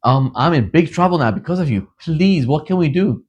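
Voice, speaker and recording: A man's voice: on the high side, expressive, fairly quick, a little mellow, slightly rough, highs cut off. A man doing a groveling, desperate minister. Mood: pleading. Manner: pleading. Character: desperate scheming male court minister.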